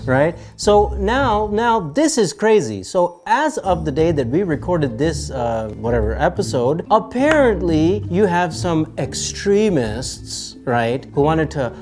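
Guy ranting on his podcast, preachy and emphatic, cracks jokes in between, soft music under it. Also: fairly high pitch, very animated, takes it slowly, few pauses. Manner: emphatic, preachy rhetoric mixed with joking asides. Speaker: podcast host. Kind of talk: opinionated podcast commentary.

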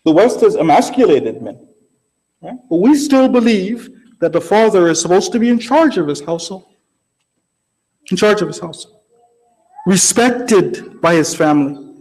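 A man's voice: sits high, lively intonation, normal speed, long pauses, a little mellow, low-quality recording. A man giving a sermon in a conversational way, often checking in with the audience. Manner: conversational, keeps asking the audience "right?". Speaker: religious speaker.

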